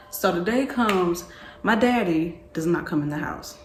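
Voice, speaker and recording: Slangy woman in her twenties, low voice. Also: measured pace, slight background noise. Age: 20s. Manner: animated, slangy, repeating phrases. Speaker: vlogger. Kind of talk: casual storytelling. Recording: echoey room with faint ambience.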